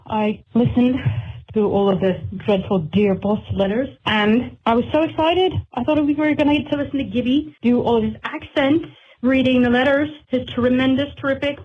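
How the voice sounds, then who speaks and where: A woman leaves a playful voicemail, delivered theatrically. Her voice is fairly high and a little husky, heard over a muffled phone line. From United Kingdom. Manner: playful mock complaint, theatrical. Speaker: caller leaving a voicemail.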